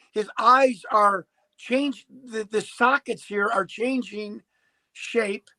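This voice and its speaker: A man's voice: high-pitched, sharp tone, no room sound, poor audio. A man in his fifties telling a story as a podcast guest, emphatic and prone to repeating and restarting words. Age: 50s. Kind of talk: animated storytelling.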